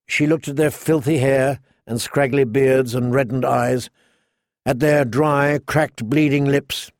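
A man narrating an audiobook in a measured, unhurried, vivid way. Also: mid-range voice, steady tone, dry recording, clean studio sound. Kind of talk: scripted narration.

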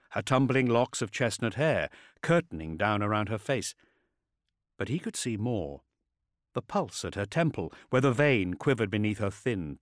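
Male narrator, audiobook, deep-ish voice, lively intonation, dry close sound. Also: no room sound.

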